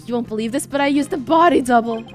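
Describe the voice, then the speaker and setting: A woman's voice: on the high side, fast, soft background music, natural voice. A woman voicing an arrogant male killer in a video game, speaking grandly and theatrically. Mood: boastful.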